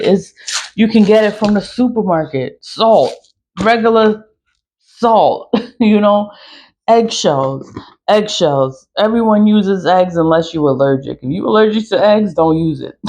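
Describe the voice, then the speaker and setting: A person talking casually and bluntly to camera about cleansing rituals, repeating phrases, laughing often and cursing freely. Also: medium pitch. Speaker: spiritual seller and vlogger.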